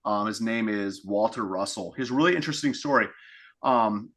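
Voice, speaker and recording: A man's voice: on the low side, brisk, fairly bright tone. A man giving a reflective coaching talk, thinking aloud with restarts and acting out inner thoughts in quotes. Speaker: fitness coach. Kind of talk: coaching call monologue.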